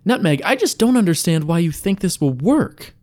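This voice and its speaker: A man's voice: high-pitched, big pitch swings, moderate pace, darkish tone, voice pushed up. A man voicing a skeptical, exasperated female cleric with a doubtful tone.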